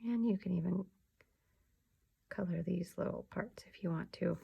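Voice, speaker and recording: A young woman teaching a remote class for young children, slow, soft and patient, often dropping to a whisper. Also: lowish voice, vocal fry, breathy edge, dull audio.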